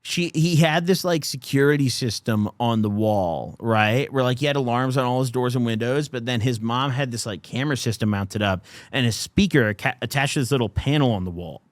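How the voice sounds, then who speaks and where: A man's voice: medium pitch, brisk, few pauses, no echo. A young man hosting a podcast, telling a story in casual chat and animatedly acting out the people in it. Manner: animated, acts out quotes with swearing. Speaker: podcast host.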